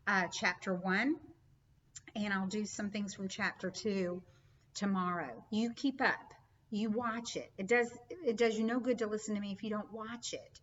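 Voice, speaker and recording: A woman's voice: mid-range voice, fairly bright tone, distant mic, lo-fi sound. A woman teacher giving a recorded lesson, reading verse aloud with rising emphasis and then explaining it in plain words.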